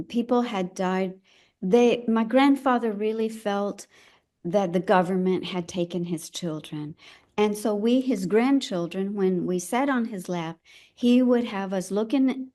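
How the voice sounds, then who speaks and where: Older woman telling a story haltingly. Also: medium pitch, warm tone. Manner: halting, reflective, searching for words. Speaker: elder midwife guest. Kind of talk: personal storytelling in conversation.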